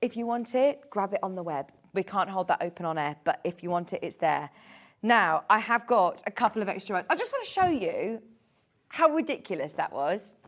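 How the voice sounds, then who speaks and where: A woman's voice: mid-range voice, sing-song, normal speed. A woman presenting fabrics on live shopping television, chatty and bubbly, laughing often.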